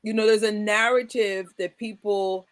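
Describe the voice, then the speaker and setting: A woman in her forties from the United States hosting a casual chat, emphatic and animated, often breaking into laughter. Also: mid-range voice, normal speed, no room sound. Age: 40s. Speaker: host.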